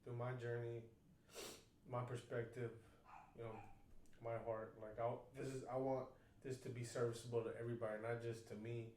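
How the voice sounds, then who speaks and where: Earnest, halting man in a roomy space. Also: medium pitch, level tone, a little mellow, a little hiss or hum. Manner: halting, many restarts and fillers, earnest. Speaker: podcast co-host, uncle. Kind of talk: casual podcast chat. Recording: roomy, distant from mic, faint ambience.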